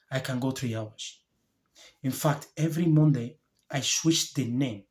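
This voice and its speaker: In a heartfelt, reflective monologue aimed directly at the camera, this male life coach speaks at a typical mid pitch. He's gentle and sincere, visibly moved, breaking his words into brief, hesitant phrases separated by pauses.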